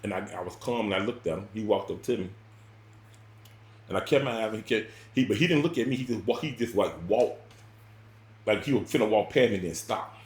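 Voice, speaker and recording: A man telling a personal story in casual spoken style, rambling and repeating words, with sudden loud bursts and quiet drops. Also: lowish voice, a little fast, echoey room.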